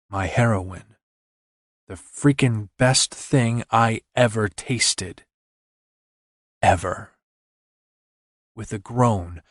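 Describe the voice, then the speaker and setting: A man's voice: lowish voice, no echo, studio quality. A man reading a romance novel aloud in first person, intimate and earnest. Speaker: audiobook narrator.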